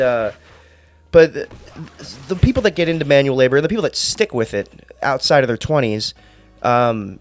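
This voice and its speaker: A man vlogger telling a work story in a rambling, exasperated rant full of swearing and restarts. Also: medium pitch. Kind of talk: casual ranting storytime.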